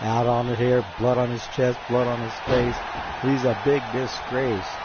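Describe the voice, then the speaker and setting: A man's voice: mid-range voice, level tone, unhurried, lo-fi sound, very noisy. A man hosting a game stream, giving jokey wrestling-announcer play-by-play, calling the crowd folks and often stumbling and restarting his phrases.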